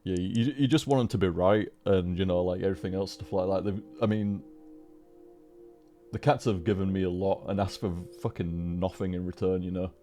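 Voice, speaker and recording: Streamer type: man, low voice, rambling casual chat full of restarts and swearing, faint music underneath. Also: steady tone, normal speed, mellow.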